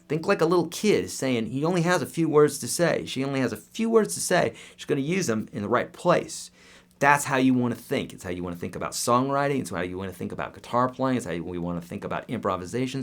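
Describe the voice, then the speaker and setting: A man in his thirties, a guitar teacher answering viewer questions in a casual, upbeat live-stream lesson. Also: medium pitch. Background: guitar playing.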